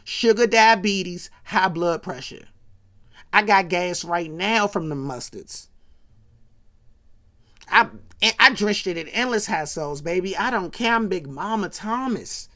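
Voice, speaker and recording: A woman voicing a brassy, defiant older sitcom matriarch in a lower, softer voice that turns into loud scolding. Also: expressive, measured pace.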